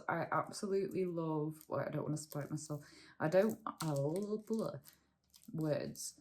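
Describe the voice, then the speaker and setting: Excitable woman gushing close to the mic. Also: deep voice. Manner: gushing, excitable, stumbles over plant names. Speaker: plant channel host. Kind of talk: casual unboxing vlog. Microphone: close to the microphone.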